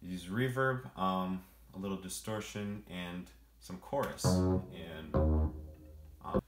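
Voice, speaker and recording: A man's voice: sits low, slow, roomy sound, music in the background. A man casually explaining how he produced his song, rambling with lots of fillers. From family roots in Jamaica and Brazil. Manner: relaxed, rambling with many fillers. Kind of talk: casual walkthrough.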